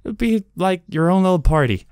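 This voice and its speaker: A man voicing a gentle, tired mother with a soft, smooth, soothing manner in a game. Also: high voice, expressive, fairly quick, no room sound, studio quality, voice pushed up. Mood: tender.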